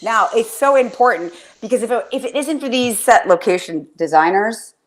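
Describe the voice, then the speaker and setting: A woman's voice: on the high side, expressive, normal speed. A woman hosting a casual fan chat, rambling and swearing with enthusiasm, often trailing off mid-sentence. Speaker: podcast host.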